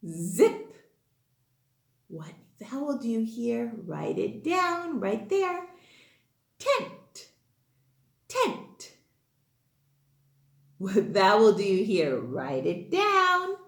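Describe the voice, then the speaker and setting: A woman teaching a phonics lesson to young children in an animated, sing-song teacher voice, drawing out her words. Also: on the high side. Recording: echoey room.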